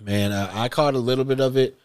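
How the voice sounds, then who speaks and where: A man's voice: mid-range voice, steady tone, a little fast, smooth. A man hosting a casual hip hop podcast chat, talking in a loose, laid-back way and swearing freely.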